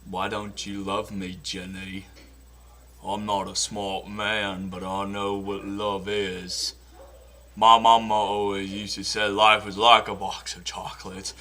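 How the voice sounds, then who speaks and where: A man doing an impression of a simple-hearted Southern movie character, speaking slowly and softly. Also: fairly low pitch, level tone, pitched below the performer's own voice. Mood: earnest. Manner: slow, soft, drawling.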